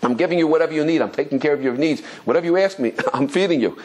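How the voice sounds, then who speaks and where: A rabbi giving an animated Torah class, telling stories excitedly with stumbling repetitions and chuckles. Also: male voice, a little high, very fast. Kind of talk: animated Torah lesson with storytelling.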